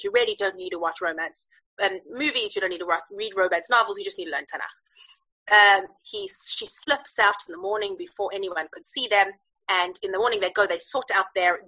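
A woman teaching a Bible story in a lively, chatty way, with frequent fillers and searches for words. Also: mid-range voice, slightly rough, dull audio. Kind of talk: animated storytelling lesson.

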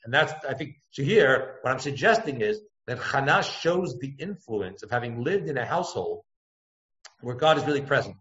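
A man giving a text-study lecture as a Torah teacher, thinking aloud, circling back to points and jumping his pitch up to act out quotes. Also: lively intonation, moderate pace, fairly bright tone. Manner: thoughtful, digressive, acts out quotes with pitch jumps. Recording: echoey room, dull lo-fi sound.

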